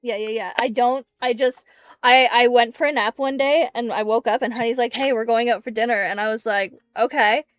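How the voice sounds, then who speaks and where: A woman's voice: a little high, steady tone, brisk, dry recording. A woman in casual chat before a tabletop game, telling rambling stories and laughing often. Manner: rambling anecdotes with frequent laughs. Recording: dry close mic, faint music behind.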